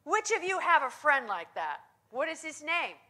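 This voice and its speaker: A woman's voice: high voice, sing-song, moderate pace, pushed and bright. A woman teaching on prayer in a sermon style. She speaks with emphasis and often checks in with her listeners. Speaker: Bible teacher.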